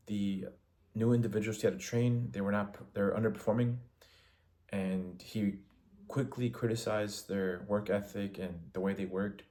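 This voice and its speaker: A man giving a spoken film analysis for a class assignment, measured and in short phrases with restarts. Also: on the low side, warm tone. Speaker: student.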